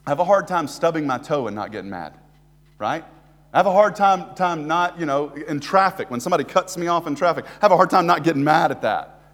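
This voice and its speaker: An American man preaching a sermon as a visiting preacher, swinging between hushed, slow emphasis and loud, rising exhortation. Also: a little high, big-room sound. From United States. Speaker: guest preacher. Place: church sanctuary.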